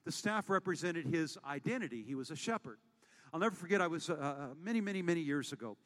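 High-voiced pastor preaching in a reverberant hall. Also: male voice, animated, fast talker. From United States. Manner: swings from hushed storytelling to loud rallying. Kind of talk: sermon.

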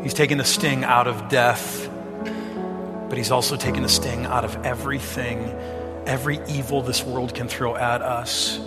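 A middle-aged male pastor preaching a sermon, swinging from loud, emphatic lines to hushed storytelling and stretching out the scripture lines slowly. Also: mid-range voice, level tone. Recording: long hall reverb with music behind.

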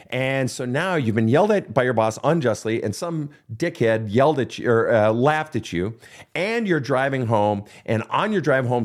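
A man's voice: mid-range voice, a little mellow. A middle-aged man hosting a counseling podcast who talks bluntly and swears often, acting out the voices of the people he quotes. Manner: blunt, swears freely, acts out quoted outbursts. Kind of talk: casual advice monologue.

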